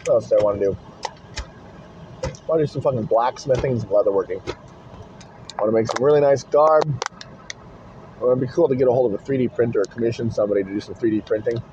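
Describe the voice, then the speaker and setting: A man's voice: mid-range voice, fast, long pauses, noisy background. Profane, blunt man vlogging from his car. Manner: profane, blunt, swears constantly. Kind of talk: casual rambling monologue. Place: inside a parked car. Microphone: phone camera in a car holder. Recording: dull lo-fi phone audio in car.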